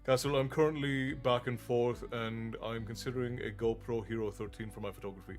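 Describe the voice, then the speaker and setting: Middle-aged male streamer, from Newfoundland, Americanized accent with hints of Newfie, casual and halting, average pitch, light music behind. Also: fairly even intonation. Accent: Americanized with Newfoundland traces. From Newfoundland, Canada. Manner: pauses to think, frequent restarts. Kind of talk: casual chat with live chat.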